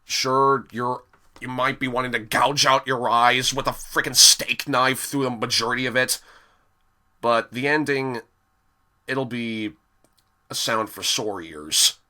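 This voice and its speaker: Speaking a little slowly, a young male reviewer delivers a profane, fed-up monologue about an episode. His mid-range voice is steady, bright and forceful, broken up by heavy sighs between complaints.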